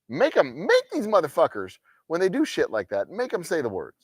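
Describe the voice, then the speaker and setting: A man's voice: fairly high pitch, huge pitch swings, normal speed, few pauses, husky, no echo, clean studio sound. A man hosting a game night livestream, ranting in casual, profane talk and mocking people in sarcastic quoted voices. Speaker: host of a game night stream.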